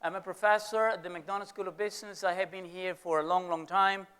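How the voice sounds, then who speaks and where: A man's voice: high voice, fairly even intonation, fairly quick, bright, forceful tone, clean tone. A middle-aged man with a Venezuelan Spanish accent, a business school professor giving a playful, teasing lecture to students in an auditorium.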